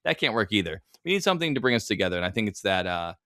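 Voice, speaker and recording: A man's voice: lowish voice, sing-song, racing, bright, forceful tone, no echo, clean studio sound. A man co-hosting a podcast, talking in a sarcastic, mocking way and swearing freely in casual chat. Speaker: podcast co-host.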